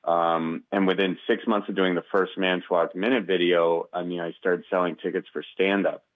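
A man's voice: low-pitched, level tone, fairly quick, narrow, tinny audio. A man with a Wisconsin accent, a comedian guest talking easily in a casual interview, with lots of fillers. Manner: easygoing, rambling, many fillers.

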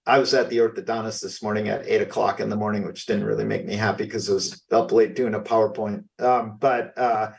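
A man co-hosting a radio talk show, rambling and halting, with many fillers. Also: lowish voice, level tone, creaky, far from the mic. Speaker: radio co-host, parent.

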